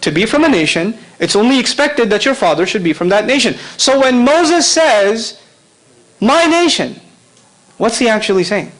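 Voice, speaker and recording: A man's voice: extremely high pitch, big pitch swings, moderate pace, fairly bright tone, rough recording. A man. He speaks directly to his audience, often stops to ask them questions, and laughs easily as he explains. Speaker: Islamic lecturer. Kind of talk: lively lecture to a live audience.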